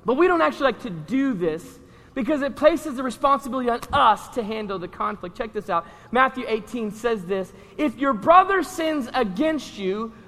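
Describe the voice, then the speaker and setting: A male pastor with a high, bright, ringing voice delivers an animated, conversational sermon. He keeps checking in with his listeners. The sound carries a long reverb from a large church hall. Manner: animated, conversational preaching with asides to the congregation.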